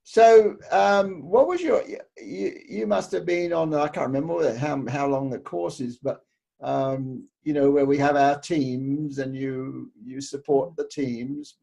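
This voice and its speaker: A man's voice: a little high, measured pace, gravelly, dark tone. A man hosting a casual interview, asking rambling questions with many fillers. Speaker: interview host.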